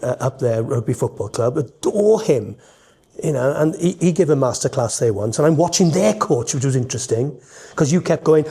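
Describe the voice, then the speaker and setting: A middle-aged Welsh man and entertainer, telling rambling, animated stories in a podcast conversation, full of restarts. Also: mid-range voice, slightly rough. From Wales.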